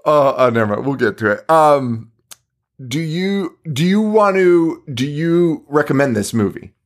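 A man's voice: on the high side, expressive. Laughing, swearing horror podcast man. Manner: laughs often, swears freely, halting restarts. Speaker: podcast co-host. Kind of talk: casual chat.

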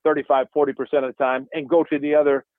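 This former catcher turned baseball broadcaster speaks at medium pitch and a quick pace on a dry, phone-like radio line with no echo. Chatting casually on the radio, he tells lively stories and performs the dialogue of past exchanges.

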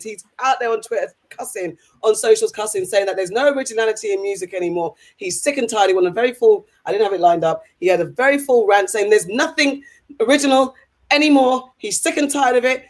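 A breathy woman co-hosting a relaxed chat show. She keeps things playful, slipping into little songs and laughs as she talks. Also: on the high side, fairly quick. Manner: playful, breaks into song and laughter. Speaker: podcast co-host. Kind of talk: casual chat.

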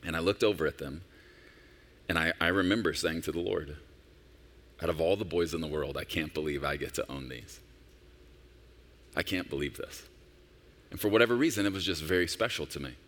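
Low-voiced pastor in his forties. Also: fairly quick, long pauses, a bit bright. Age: 40s. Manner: conversational, personal storytelling with emphatic rises. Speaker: senior pastor. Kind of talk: sermon.

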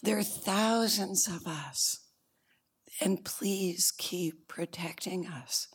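A woman's voice: fairly low pitch, very slow, slightly rough, exaggerated voice. A woman voicing tiny, frightened townsfolk who plead for protection. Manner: pleading, grateful.

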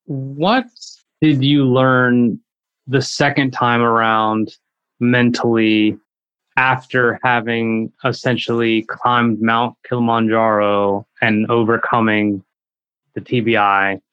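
A male podcast host asks his questions slowly and deliberately. His voice is smooth and resonant, recorded dry and a little dull. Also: medium pitch, level tone, no room sound. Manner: slow, measured questioning. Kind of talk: interview questions.

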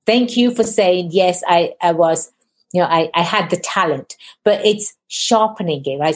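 A woman hosting a podcast interview, talking quickly and enthusiastically in a casual, effusive way. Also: fairly low pitch. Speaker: podcast host.

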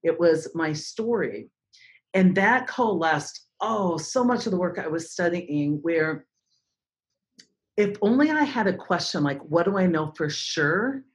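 A woman in her forties with a lowish voice speaks a little slowly while telling a dramatic story as an interview guest. A speaker and trainer by profession, she brings animated flair to the telling, acting out the voices of others.

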